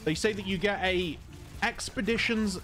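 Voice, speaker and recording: A man from England with an English accent, calmly talking through a video game in casual commentary, polite and chatty. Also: sits high, normal speed. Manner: calm, conversational, polite even when insulted. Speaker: gaming video host.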